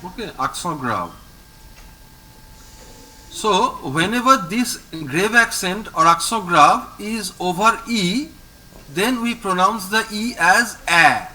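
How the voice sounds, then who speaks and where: Patient, slow-talking teacher with a lively high voice. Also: male voice, poor audio. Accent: Indian English. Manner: patient, repeats each word slowly for the student. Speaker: French teacher. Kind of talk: online language lesson. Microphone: video call.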